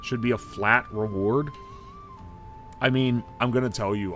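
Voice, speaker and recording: A man streaming a game live, reading out ingredient lists and swearing in loud disbelief, then making himself talk calmly. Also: medium pitch, a little slow, faint music behind. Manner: excitable and profane, swearing and yelling in disbelief. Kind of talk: live-stream gaming commentary.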